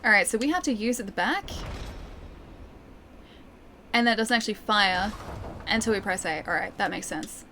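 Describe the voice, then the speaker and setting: A woman's voice: medium pitch, normal speed, long pauses, pushed and bright, slight background noise. An Australian woman streaming a game from her living room, chatting and laughing often as she answers viewer comments. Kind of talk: live gameplay stream, chatting with chat.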